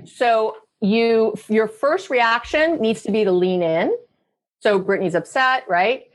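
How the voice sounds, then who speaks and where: A woman psychologist giving direct relationship advice on a podcast, animated, often acting out quoted voices. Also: a little high, slow. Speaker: psychologist guest.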